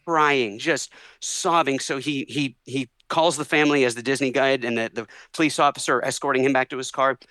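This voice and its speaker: A man telling a long story as a podcast guest in a casual, animated way, acting out the people he quotes. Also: medium pitch, a little fast, few pauses, no echo, poor audio. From Orlando, Florida area. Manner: animated, acts out voices in quotes.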